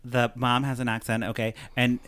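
A man's voice: medium pitch, level tone, moderate pace, a bit bright. A man co-hosting a podcast, recapping a movie in a rambling, filler-heavy way. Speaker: podcast co-host. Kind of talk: casual movie recap chat.

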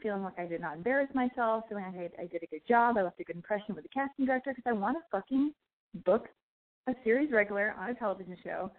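A woman's voice: mid-range voice, fast talker. A woman hosting a call-in radio show, talking candidly and rambling with swearing and self-analysis. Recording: phone-like narrow sound.

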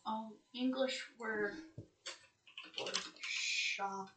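A woman's voice: on the high side, fairly even intonation, extremely slow, reverberant, noisy background. A woman from the United States thinking aloud and reading search results aloud in a casual vlog, easily surprised.

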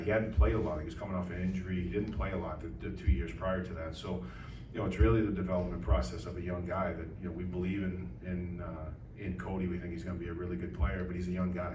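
A man speaking as a hockey coach at a press conference, measured and filling pauses with repeated words. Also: deep voice, flat delivery. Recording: distant, roomy, noisy press room clip.

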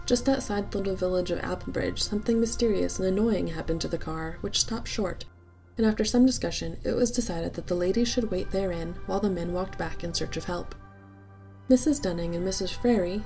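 A woman narrating a classic story in a measured, expressive audiobook style. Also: on the low side.

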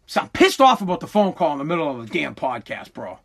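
A man's voice: on the high side, big pitch swings, moderate pace, creaky, breathy edge. A man hosting his own livestreamed podcast, ranting in a heated, profane and repetitive way. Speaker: podcast host. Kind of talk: casual livestream podcast rant.

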